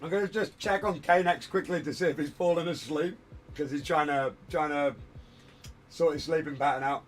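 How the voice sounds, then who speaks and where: A man's voice: on the high side, moderate pace, soft background music. A man chatting casually on a hobby livestream from a room at home, rambling and self-deprecating while he works at his desk. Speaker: streamer.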